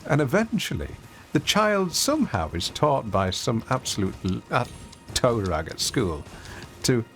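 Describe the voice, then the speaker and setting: A man chatting through a video game stream, self-mocking and talking to his viewers as he plays. His voice swings wildly up and down in pitch, has a gravelly rasp, and game music plays clearly behind him. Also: very animated, measured pace, a bit bright. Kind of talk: casual gameplay commentary.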